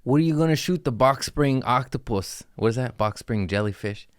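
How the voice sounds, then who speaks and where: A man's voice: mid-range voice, lively intonation, normal speed, clean tone, dry recording, studio quality. A man hosting a comedy podcast, rambling through crude, jokey stories in a casual monologue.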